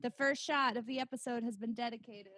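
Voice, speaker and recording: A woman co-hosting a casual wrestling podcast, playful and quick to mimic people. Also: on the high side, fairly even intonation, fairly bright tone. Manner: playful, does mocking impressions. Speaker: podcast co-host.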